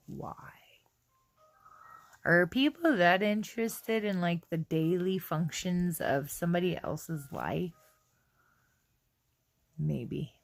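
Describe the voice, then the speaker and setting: Give me a blunt, sarcastic young woman ranting on her vlog at an unhurried pace. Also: fairly low pitch, gravelly, no room sound. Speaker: vlogger. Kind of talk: casual chat.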